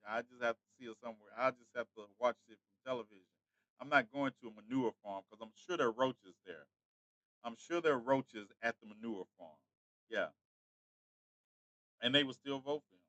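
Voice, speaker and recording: A man's voice: mid-range voice, brisk, long pauses, fairly bright tone, no room sound, lo-fi sound. A man hosting a casual livestream, chatting straight to his viewers. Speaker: livestream host.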